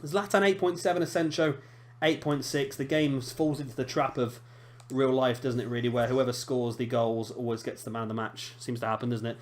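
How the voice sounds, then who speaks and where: Gamer guy, mid-pitched, rambling self-mocking play-by-play over his match. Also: steady tone, fairly quick. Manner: chatty, self-deprecating, reacting aloud to play. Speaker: gaming commentator. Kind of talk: casual let's-play commentary.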